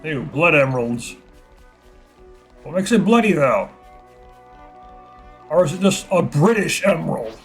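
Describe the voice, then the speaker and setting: High-voiced man ranting over gameplay. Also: lively intonation, measured pace, pauses often, slightly rough. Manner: ranting, self-deprecating, sarcastic asides. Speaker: let's play host. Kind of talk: gameplay commentary. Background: game music.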